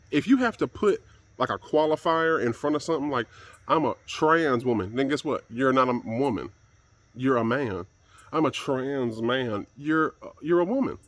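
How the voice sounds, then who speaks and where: A man's voice: fairly high pitch, fairly bright tone. A man giving a blunt, profane and exasperated solo commentary on camera.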